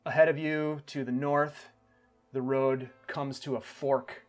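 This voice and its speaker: A man's voice: mid-range voice, little pitch movement. Man narrating as game master, faint music. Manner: unhurried descriptive narration.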